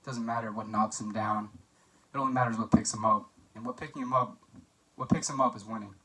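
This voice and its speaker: A man's voice: lowish voice, fairly even intonation, brisk, pushed and bright. Chatty young man toasting from a distance. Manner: chatty and joking, with filler words and anecdotes. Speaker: best man giving a wedding toast. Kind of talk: mock wedding toast for a class assignment.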